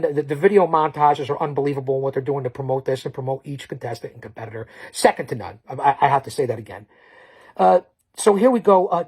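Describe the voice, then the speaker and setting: Alone in a basement bunker, a male show host recaps a talk show by himself, joking and rambling and correcting himself along the way. His voice sits high with a breathy edge.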